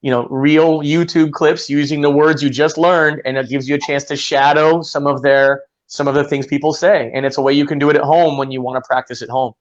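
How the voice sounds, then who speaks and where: A man's voice: fairly high pitch, steady tone, fairly quick, few pauses. A man who teaches English pronunciation, chatting casually as an interview guest and peppering his talk with "you know" and "man". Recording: dull lo-fi sound.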